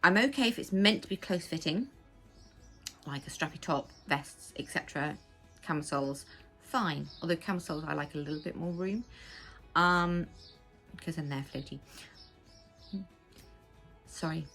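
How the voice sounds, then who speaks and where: English lady rambling about her knitting, lowish voice, chatty asides, a bit of music faintly behind. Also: normal speed, pauses often, a bit bright. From England. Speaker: knitting podcast host. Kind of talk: casual chat. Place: home.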